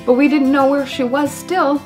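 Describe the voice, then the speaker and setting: A young woman vlogging as a mother, telling a personal story in an emotional, halting way with many fillers. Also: sits high, little pitch movement, faint music behind. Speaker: mom vlogger.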